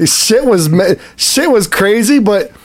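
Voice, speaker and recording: A man co-hosting a casual chat, animated and swearing, laughing loudly. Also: high-pitched, takes it slowly. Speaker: podcast co-host.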